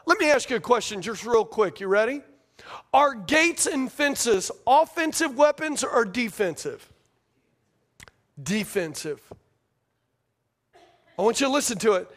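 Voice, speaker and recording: A male pastor preaching a sermon to his congregation, talking casually, repeating phrases, asking questions, and building to near shouts. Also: very high-pitched, expressive, normal speed. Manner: rises to near shouting at climaxes, drops to hushed tones in prayer.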